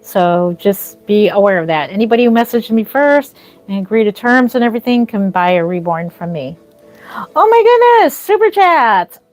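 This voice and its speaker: Over soft background music, a woman with a brisk, slightly mellow mid-range voice runs a relaxed livestream. A reborn doll artist, she chats with her audience and emotionally gushes her frequent thanks for gifts.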